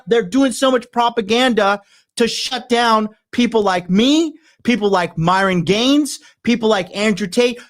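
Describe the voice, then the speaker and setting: A man's voice: extremely high pitch, a bit bright. A man hosting a show, ranting aggressively with constant profanity. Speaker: podcast host. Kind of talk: ranting commentary.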